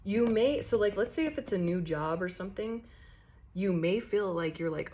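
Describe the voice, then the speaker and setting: A woman's voice: medium pitch, lively intonation, moderate pace, darkish tone. A young woman giving a casual tarot reading, talking loosely and swearing freely as she acts out what her listeners might be thinking. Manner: loose, chatty and profane, acting out inner monologues. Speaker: tarot reader.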